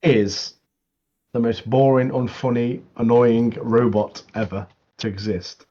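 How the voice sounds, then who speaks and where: A man's voice: mid-range voice, takes it slowly, dull audio. A young man co-hosting a casual gaming podcast, laughing often and acting out funny moments. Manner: laughs often, animated retellings. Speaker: podcast co-host.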